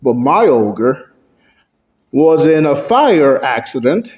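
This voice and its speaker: A man giving a prepared speech at a speaking club, playing with pitch and loudness for effect. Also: big pitch swings, takes it slowly. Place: club meeting room, indoors. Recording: dull lo-fi recording.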